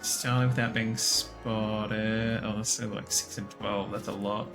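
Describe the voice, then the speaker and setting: A man's voice: flat delivery, measured pace, over music. A man giving casual, playful commentary while playing a video game, cooing at the creatures he meets. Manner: playful, squeaks high at creatures. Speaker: gaming streamer.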